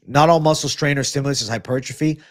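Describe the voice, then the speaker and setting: A man's voice: mid-range voice, no room sound, clean studio sound. A young man hosting a live MMA and fitness stream, chatting casually, swearing and thanking viewers. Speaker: livestream host.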